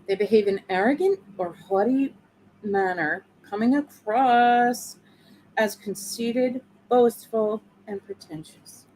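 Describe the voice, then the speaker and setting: Unhurried female co-host, mid pitch, filler-heavy, light background noise. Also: darkish tone, low-quality recording. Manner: slow, reads points with fillers. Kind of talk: casual livestream discussion.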